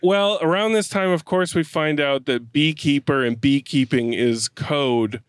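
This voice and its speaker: A man co-hosting a podcast, chatting casually about a movie in an animated, laughing way and swearing freely. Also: fairly high pitch, measured pace, clean tone, no echo. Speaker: podcast co-host. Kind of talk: casual movie review chat.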